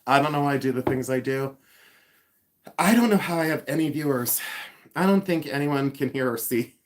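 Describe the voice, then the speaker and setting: A man in his fifties chats loosely on a livestream, trading jokes with his viewers and poking fun at himself. His pitch sits in an ordinary middle range and his delivery is playful and offhand. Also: expressive, normal speed. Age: 50s. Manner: playful, self-mocking, teasing viewers by name; hums and scats tunes. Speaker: livestream host. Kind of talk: casual live chat.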